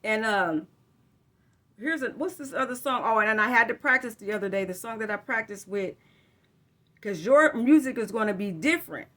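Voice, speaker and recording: Bright rambling woman tarot reader. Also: on the high side, lively intonation, moderate pace. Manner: rambling, informal, frequent self-corrections and slang. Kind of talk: casual spiritual reading to camera.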